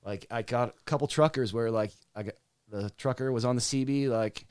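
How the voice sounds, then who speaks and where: A man's voice: medium pitch, a little fast, darkish tone, clear, resonant tone, no echo, clean studio sound. Laid-back, swearing singer-songwriter man. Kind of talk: casual storytelling.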